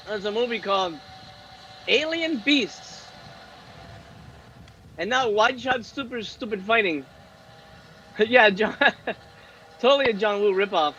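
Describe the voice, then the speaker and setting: Brief: bright, animated man streamer, high voice, swearing in disbelief at a movie. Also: highs cut off, slight background noise. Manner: incredulous, profane, laughing often. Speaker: streamer hosting a movie watch party. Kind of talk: live stream reaction commentary.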